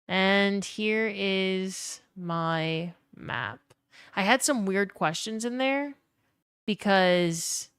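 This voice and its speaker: A woman's voice: lowish voice, a bit bright, smooth, no room sound, clean studio sound. A young woman from Louisiana with a New Orleans accent, chatting casually with her stream chat and swearing freely. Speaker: gaming streamer.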